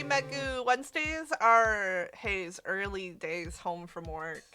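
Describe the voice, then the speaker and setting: A woman's voice: mid-range voice, takes it slowly, sharp tone, faint music behind. A woman streaming a game, chatting casually with her viewers and swearing freely. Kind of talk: casual live-stream chat.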